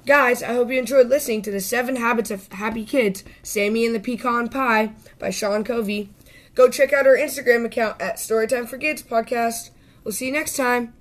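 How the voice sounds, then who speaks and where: A woman hosting a children's story podcast, reading a picture book aloud in a bright, lively voice. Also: fairly high pitch, normal speed.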